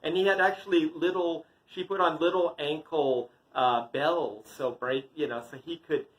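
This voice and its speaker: A man, a yoga teacher, telling a playful story with animated sound effects. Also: fairly high pitch, normal speed, poor audio.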